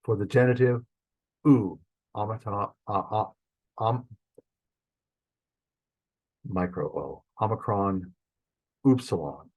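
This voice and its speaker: Male teacher, low and husky, patient explainer with plenty of ums, casual online lesson. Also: takes it slowly, pauses often, a little mellow, poor audio. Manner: patient, explanatory, thinks aloud with frequent fillers. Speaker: church Greek teacher. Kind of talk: recorded online lesson with screen sharing.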